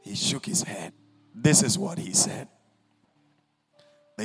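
A male preacher telling a story in a dramatic sermon, husky, swinging between shouts and whispers. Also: lowish voice, lively intonation, slow pace, long pauses, faint music behind.

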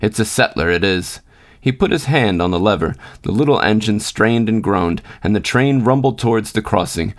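A man reading a literary short story aloud as a podcast storyteller, steady and unhurried. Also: fairly low pitch. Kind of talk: measured literary narration.

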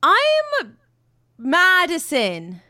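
A woman voicing a brash, smooth-talking female rogue who bluffs her way past guards, glib and needling. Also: very high-pitched, wildly swooping pitch, drawn-out words, bright, forceful tone, no echo, clean studio sound, voice pushed up, full character voice. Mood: smug bluffing. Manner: glib, needling, confidently argumentative.

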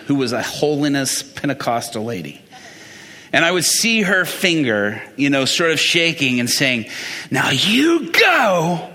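Guy preaching casual style, bright tone, asks the crowd stuff, big echoey church room. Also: a little high. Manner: asks the congregation questions, talks through Bible passages. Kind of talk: conversational sermon.

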